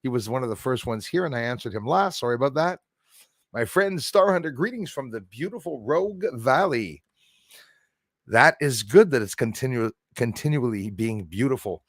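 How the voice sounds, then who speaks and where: A man's voice: medium pitch, expressive, moderate pace, dry recording, studio quality. A man hosting a late-night live stream, chatting loosely with viewers and greeting them by name. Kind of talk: casual live stream chat.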